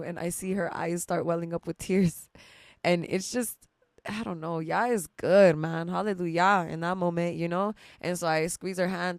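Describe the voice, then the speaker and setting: A woman's voice: fairly low pitch, fairly even intonation, normal speed, no room sound, clean studio sound. A young woman hosting a podcast, telling a rambling personal story with lots of laughs and casual swearing. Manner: chatty and emotional, laughs often, swears casually. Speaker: podcast host.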